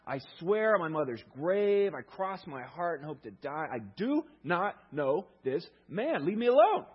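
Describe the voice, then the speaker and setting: A frantic man swearing his innocence in a loud, high, drawling voice, as a preacher acts him out. The voice is husky. The recording is dull and lo-fi. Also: big pitch swings, unhurried, heavily acted. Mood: panicked. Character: panicked male disciple denying, hick drawl.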